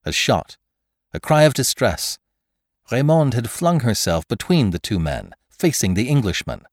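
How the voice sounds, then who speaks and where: A man narrating a classic adventure story in an expressive, dramatic audiobook style. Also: mid-range voice, unhurried, dry recording, studio quality.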